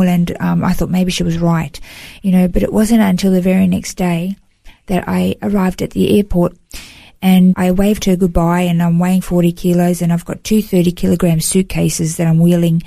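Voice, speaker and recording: A woman's voice: fairly low pitch, level tone, normal speed, creaky, warm tone, no echo. A woman telling a heartfelt personal testimony in an earnest, emotional way, often saying "you know". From Australia. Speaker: guest sharing a personal testimony. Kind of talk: emotional first-person storytelling.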